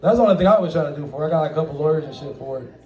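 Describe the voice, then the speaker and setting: A man's voice: on the high side, rapid-fire, darkish tone, roomy sound, distant mic. A man performing a profane stand-up comedy set, laughing often and acting out the people in his stories. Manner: profane, laughing, acts out quoted voices. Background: audience laughter.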